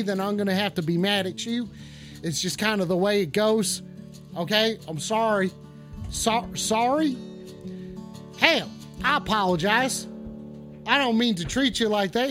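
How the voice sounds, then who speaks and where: Male comic host in a cowboy persona; rowdy, profane, rambling, sharp bright delivery. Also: very high voice. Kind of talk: rowdy comedic rant.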